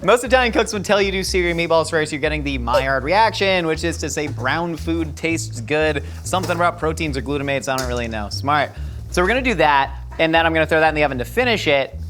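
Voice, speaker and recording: A woman's voice: low-pitched, expressive, quick pace, fairly bright tone, faint music behind. A woman hosting a cooking show, joking and chatty as she cooks in a studio kitchen. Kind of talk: casual cooking show banter.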